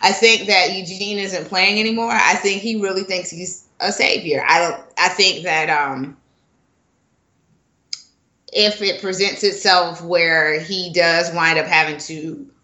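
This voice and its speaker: A woman's voice: fairly low pitch, fairly even intonation, measured pace, sharp tone. A woman co-hosting a podcast, giving opinionated takes in a casual chat about a TV episode, thinking aloud as she goes. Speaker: podcast co-host. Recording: roomy echo.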